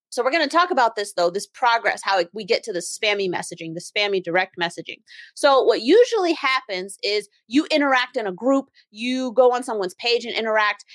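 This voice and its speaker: A woman hosting a solo business podcast, talking casually and acting out quoted voices with big jumps in pitch. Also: fairly bright tone, dry recording, studio quality. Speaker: podcast host and brand strategist.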